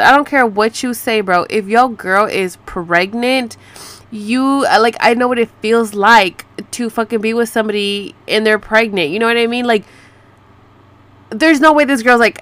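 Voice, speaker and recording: A woman's voice: on the high side, expressive, normal speed, a bit bright. Sarcastic, foul-mouthed woman in her thirties. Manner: sarcastic, profane, mixes in Spanish slang. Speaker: vlogger. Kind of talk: casual rant to camera.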